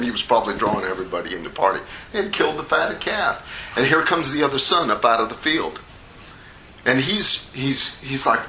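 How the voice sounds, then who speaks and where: A man's voice: medium pitch, sharp tone, slight background noise. A middle-aged man preaching a sermon in a folksy, conversational way, acting out the characters of a parable. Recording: echoey room with faint ambience.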